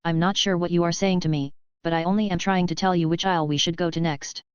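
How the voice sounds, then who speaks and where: A woman's voice: fairly low pitch, quick pace, clear, resonant tone, no echo, close to an everyday voice. Patient, reasoning woman shopper, voiced plainly by a female narrator, dull dry recording. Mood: puzzled. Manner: calm, reasoning. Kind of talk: scripted narration.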